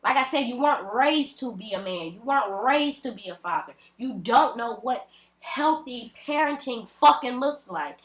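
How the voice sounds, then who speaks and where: A woman rants straight into the camera, blunt, emphatic and full of profanity. Her voice sits a little high and rings in an echoey room at home. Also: fairly bright tone, slight background noise. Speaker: vlogger. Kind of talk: ranting direct-to-camera vlog.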